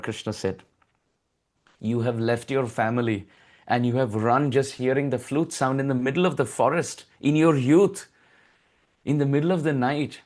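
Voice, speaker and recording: A man's voice: mid-range voice, moderate pace, a little mellow. A man giving a devotional scripture lecture, reciting Sanskrit verses and explaining them. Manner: recites Sanskrit verses and acts out a pleading child with raised voice. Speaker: spiritual teacher.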